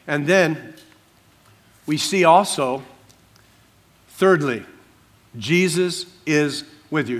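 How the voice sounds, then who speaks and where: A man delivers a sermon in a slightly high voice. He leans into drama, going quiet and intimate, then rising loud and slow on the key lines. The preaching moves between gentle asides and emphatic declarations. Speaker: pastor.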